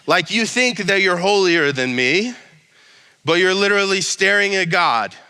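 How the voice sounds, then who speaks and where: A man's voice: high voice, animated, measured pace, bright, forceful tone, clear, resonant tone, in a large hall. A male pastor giving a casual, joking sermon with many restarts and reading scripture aloud.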